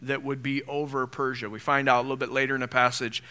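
A man's voice: mid-range voice, little pitch movement, fast talker, pushed and bright, smooth. A man preaching a sermon in a conversational way, often asking the congregation rhetorical questions and lifting his voice when he reads scripture. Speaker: pastor.

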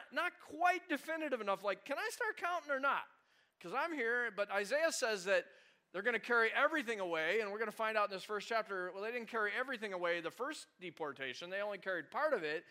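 A male pastor preaching a conversational sermon, animated and full of rhetorical questions to the congregation. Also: high voice.

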